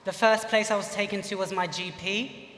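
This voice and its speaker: A man's voice: sits high, fairly even intonation, normal speed, a bit bright. A young British man telling a funny personal story on stage at a live lecture, chatty and full of "you know". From United Kingdom. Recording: echoey hall from far off.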